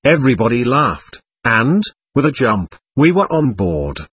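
Husky-voiced man reading an audiobook. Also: medium pitch, measured pace. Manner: steady first-person reading. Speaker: audiobook narrator. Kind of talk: scripted audiobook narration.

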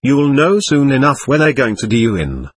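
A man's voice: mid-range voice, very animated, moderate pace, no room sound. A man reading as a weary cynical veteran soldier. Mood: scornful. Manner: gruff, dismissive.

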